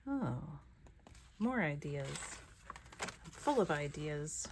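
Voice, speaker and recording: A woman's voice: on the low side, measured pace, slight background noise. A woman hosting a craft channel who chats casually while she crafts, self-deprecating and thinking aloud.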